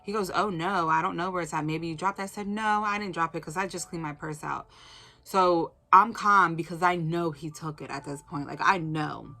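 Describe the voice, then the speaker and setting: A woman's voice: lowish voice, steady tone, moderate pace, sharp tone. A young woman telling a personal faith testimony as a casual story, acting out the quotes and saying "like" a lot.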